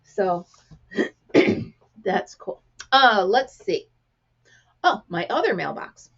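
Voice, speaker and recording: Gravelly chatty woman telling stories. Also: mid-range voice, very animated, drawn-out words, fairly bright tone, lo-fi sound. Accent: American. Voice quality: gravelly, clears throat often. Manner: chatty storyteller, acts out quotes. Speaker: crafting vlog host. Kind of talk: casual chat to camera.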